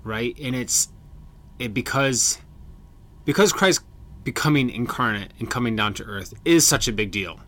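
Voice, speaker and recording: A man's voice: medium pitch, lively intonation, normal speed, a bit bright. A man co-hosting a podcast in casual chat, earnest and reflective, often restarting his sentences. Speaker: podcast co-host.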